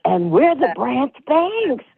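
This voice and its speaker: A woman hosting a spiritual group call, leading call-and-response affirmations in a lively, folksy, preacherly way. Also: sits high, slow, gravelly, breathy edge. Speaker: host. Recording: tinny phone-line audio.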